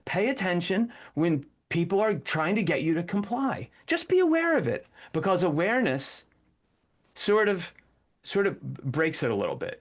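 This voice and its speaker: A man co-hosting a podcast, chatting casually and animatedly, breaking into acted-out commands as he explains. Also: on the high side. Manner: animated, acts out commands mid-sentence. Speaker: podcast co-host.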